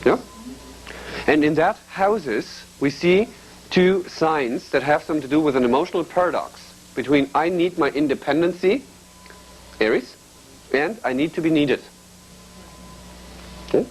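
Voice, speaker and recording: Man teaching, fairly high voice. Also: expressive, moderate pace, pauses often, low-quality recording. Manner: explains step by step, often checks with a questioning "yeah?". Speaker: astrology teacher. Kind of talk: teaching a class.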